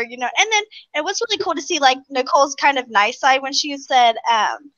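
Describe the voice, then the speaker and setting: A woman's voice: sits high, animated, a little fast, few pauses, fairly bright tone, no echo, lo-fi sound. A woman on a podcast panel, chatting casually and hesitantly with many fillers. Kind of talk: casual chat.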